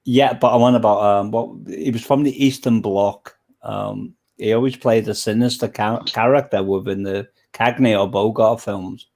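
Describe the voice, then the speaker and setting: A man's voice: fairly low pitch, steady tone, normal speed, gravelly, hardly any pauses, darkish tone. A man chatting casually about old films, rambling and often searching for names.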